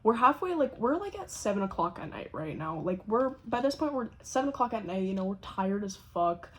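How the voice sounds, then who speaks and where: A young woman telling a casual storytime vlog, swearing constantly and talking in a lively, animated way. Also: medium pitch, a little fast, a little hiss or hum. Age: young adult. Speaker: vlogger.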